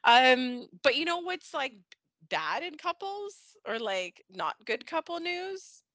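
Woman, podcast co-host: high-ish, very animated delivery, acts out lines mid-recap, dry room. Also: slow, dry recording. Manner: animated, acts out characters' lines, laughs often. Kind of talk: casual chat.

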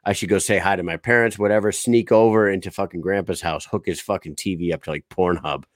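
A man's voice: low voice, fairly even intonation, fast talker, no room sound, studio quality. Profane laughing man co-hosting a podcast. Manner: profane, laughing, mimics family members. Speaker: podcast co-host. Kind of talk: crude casual chat.

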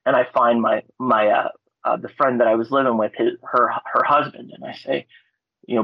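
A man from Alaska, a guest on a podcast, telling a story in a rambling, excitable way, swearing and restarting his words. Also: medium pitch, brisk, gravelly, slightly rough, no echo. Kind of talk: casual storytelling. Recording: dry, dull lo-fi audio.

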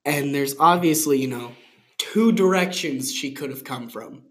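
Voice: medium pitch, measured pace. A co-host reading a story aloud with a teasing, sarcastic edge. Asides break in between the lines as playful mockery of the text.

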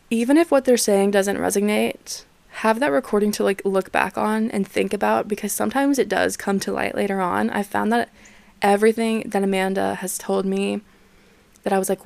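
Young female podcast host, frank and swearing, gravelly voice, dry close-miked. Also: medium pitch, darkish tone, no room sound. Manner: candid, swears freely, laughs often. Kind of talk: casual solo podcast chat.

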